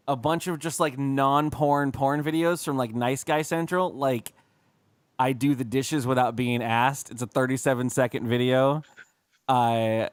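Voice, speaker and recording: A man's voice: mid-range voice, clean tone, no echo. A man co-hosting a casual comedy podcast, rambling, swearing and acting out little bits. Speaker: podcast co-host.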